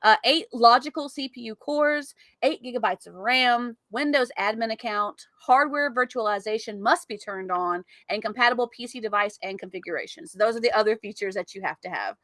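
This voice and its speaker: A woman's voice: a little high, a little fast, few pauses, fairly bright tone, no room sound. A woman co-hosting a casual gaming podcast, laughing often as she chats and reads out news items. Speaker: podcast co-host. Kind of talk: casual chat reading news.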